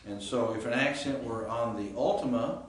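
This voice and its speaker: A Greek professor, recorded from a distance, lectures a class on grammar in a relaxed, explanatory manner and keeps checking in with his students. His voice is mid-range and his pace moderate. The classroom is echoey, with a faint hiss in the background.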